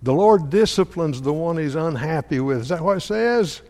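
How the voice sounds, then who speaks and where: A man preaching a sermon, halting and repeating words often, asking his listeners questions. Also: fairly high pitch, expressive, warm tone. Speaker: preacher or Bible teacher. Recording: long hall reverb.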